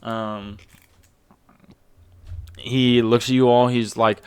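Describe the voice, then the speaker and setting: Male game master, slow easy narration, crisp clear voice, dry close sound. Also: fairly low pitch, flat delivery, no echo. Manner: casual, swears, laughs at own jokes.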